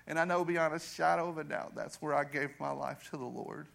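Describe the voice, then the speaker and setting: A man's voice: fairly quick, vocal fry, hardly any pauses. A middle-aged man, a youth pastor giving an earnest testimony in a church. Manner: earnest storytelling, voice drops low and soft for emphasis. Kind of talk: testimony sermon. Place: church sanctuary.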